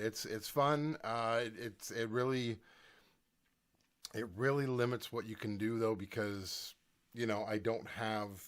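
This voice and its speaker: Man chatting over his recording gear. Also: lowish voice. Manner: chatty, thinking aloud while demonstrating gear. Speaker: home recording musician. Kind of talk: casual vlog talk. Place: home recording desk, indoors.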